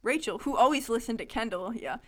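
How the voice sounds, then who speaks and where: A woman's voice: a little high, lively intonation, brisk. A woman co-hosting a casual podcast, reading a childhood story aloud and breaking off to laugh and comment. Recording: lo-fi podcast audio.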